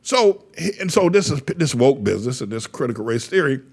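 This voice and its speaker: A man's voice: mid-range voice, big pitch swings, brisk, darkish tone, slightly rough. An older man, a pastor, delivering a blunt, rambling commentary monologue and often repeating words as he searches for the next thought.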